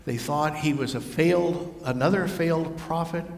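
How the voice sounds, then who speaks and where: A man's voice: fairly high pitch, normal speed, vocal fry. Man preaching in an echoey hall. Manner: storytelling, varies voice for figures. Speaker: pastor. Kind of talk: sermon. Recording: echoey hall with long reverb.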